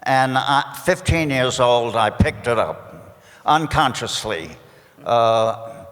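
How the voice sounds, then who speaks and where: A man in his nineties from Brooklyn with a precise stage accent picked up from Boston roles, telling a panel anecdote slowly with many pauses. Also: mid-range voice, lively intonation, a bit bright. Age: 90s. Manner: slow, halting, with many "uh" pauses. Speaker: actor on a convention panel. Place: convention hall panel stage. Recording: long reverb of a big hall.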